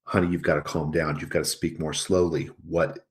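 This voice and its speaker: A man's voice: rumbling low, flat delivery, brisk. A man voicing a flustered middle-aged male school coach who pleads and stammers. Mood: pleading.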